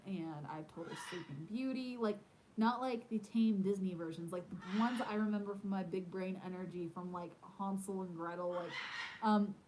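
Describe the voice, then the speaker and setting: A woman's voice: medium pitch, background noise. A woman hosting a casual live stream from home, chatting in a rambling way with lots of fillers. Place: at home in the evening.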